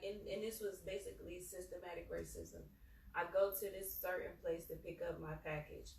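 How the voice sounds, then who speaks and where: Profane, gravelly-voiced woman telling a story. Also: mid-range voice, a little hiss or hum. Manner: profane, animated storytelling, acting out both sides. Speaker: podcast co-host. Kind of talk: casual storytelling chat. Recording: echoey room, distant mic, faint ambience.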